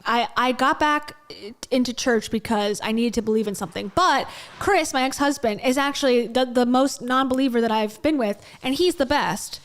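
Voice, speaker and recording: A woman's voice: on the high side, normal speed, hardly any pauses. A woman giving blunt, sarcastic reaction commentary on a clip, swearing and laughing as she talks.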